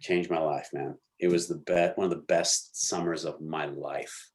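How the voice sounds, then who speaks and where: A young adult man, an actor guest, telling lively stories in a casual interview and acting out what people said. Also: very deep voice, moderate pace. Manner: animated storyteller, slangy, acts out quotes.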